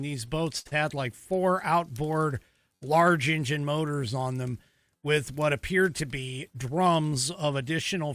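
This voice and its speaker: Brief: middle-aged man, casual commentary host, self-correcting, bright and animated, dry sound. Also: on the high side, no room sound. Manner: conversational, with frequent fillers and self-corrections. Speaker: podcast host.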